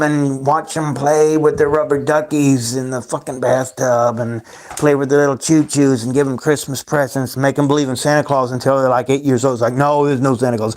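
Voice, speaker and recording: A man's voice: mid-range voice, steady tone, fairly quick, darkish tone. A man hosting his own livestream, rambling and ranting at his chat, repeating himself and calling the viewers guys. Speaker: livestream host.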